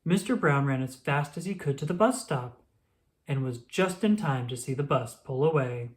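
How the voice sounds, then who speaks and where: A woman reading a children's picture book aloud, expressive and slow. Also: low voice. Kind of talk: storybook read-aloud.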